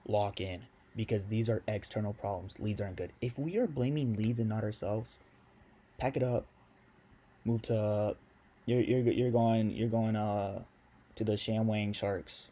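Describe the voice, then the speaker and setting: A young man coaches sales in a loose, slangy video lesson, talking straight to his viewers. His voice sits fairly low and has a dark, mellow tone.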